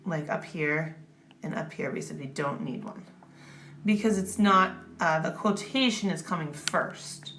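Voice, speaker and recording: Patient woman tutor, slow explanation. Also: sits low, a bit bright, slight background noise. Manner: patient, checks in with "okay?" and "right?". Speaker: grammar tutor. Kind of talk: classroom explanation.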